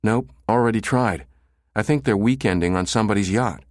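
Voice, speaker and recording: A man's voice: on the low side, a little fast, no room sound, clean studio sound, natural voice. A man voicing a teenage girl who pleads in a wheedling way. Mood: pleading.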